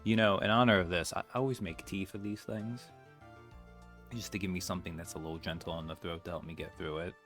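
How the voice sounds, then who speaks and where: A man's voice: low-pitched, fairly even intonation, fast talker, a bit bright, faint music behind. A man giving casual, wry commentary while playing through a game. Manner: chatty, wry asides. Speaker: let's-play streamer.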